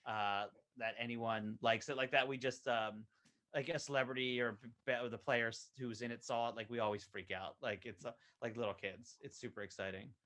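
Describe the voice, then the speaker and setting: A man's voice: medium pitch, steady tone, moderate pace, a bit bright. Guy rambling on a podcast, lots of "like" and "um". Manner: rambling, many fillers and restarts. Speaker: guest, animation co-creator. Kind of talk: casual podcast chat.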